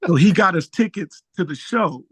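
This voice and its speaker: A man tells stories as a guest in a casual interview. His voice sits a little higher than usual and rises sharply when he gets excited. The talk is relaxed and full of slang, and the sound is dry and close. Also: moderate pace, husky, no room sound. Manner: animated storyteller, jumps high when excited. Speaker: musician guest.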